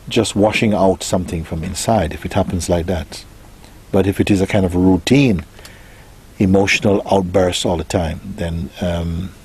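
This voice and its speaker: Soft-spoken deep-voiced spiritual teacher. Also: male voice, breathy edge. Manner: soft-spoken, unhurried, gently musing with pauses. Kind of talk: spiritual talk answering a question.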